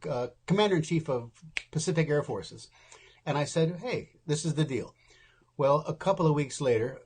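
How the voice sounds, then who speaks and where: A man's voice: medium pitch, husky. A man in his seventies, an interview guest, telling candid stories in a wry, casual way and acting out the people he quotes.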